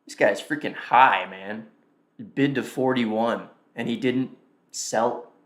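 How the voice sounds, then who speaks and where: A man hosting a casual live stream, his voice sitting at an ordinary middle pitch. He thinks aloud and mutters quick reactions as he goes. The sound is roomy, with a clear echo around him. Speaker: livestream host.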